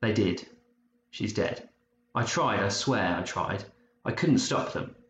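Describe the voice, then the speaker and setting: A man's voice: fairly low pitch, expressive, takes it slowly, a bit bright. A man voicing a frightened, loyal young boy who talks in urgent, breathless bursts. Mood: distraught. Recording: muffled roomy recording, faint hiss.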